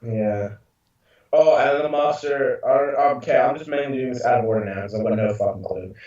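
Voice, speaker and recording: A man's voice: medium pitch, normal speed. Sweary man ranting, echoey room. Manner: sweary, exasperated, animated. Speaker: podcast co-host. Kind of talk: casual ranting review. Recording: echoey, distant, dull-sounding room mic.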